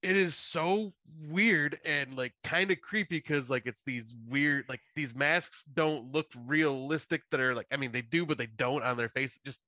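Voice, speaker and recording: A male podcast co-host retells a film plot in loose, rambling sentences padded with fillers. His voice is bright and forward. The recording is dry and close, with no room sound. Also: on the high side, measured pace, hardly any pauses, dry recording. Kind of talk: casual chat.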